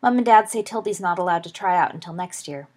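A woman reading the lines of a confident teenage girl, brisk and matter-of-fact, in a storybook. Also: fairly low pitch, darkish tone, lightly acted.

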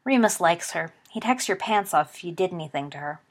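A hot-tempered teenage schoolboy wizard growls blunt, irritable remarks in an audiobook story. A woman reads him in her own lowish voice. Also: lively intonation, a little fast.

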